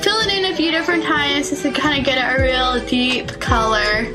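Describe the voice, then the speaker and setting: A woman gives a makeup tutorial in a high voice, explaining each step calmly. Loud music plays behind her throughout. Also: normal speed.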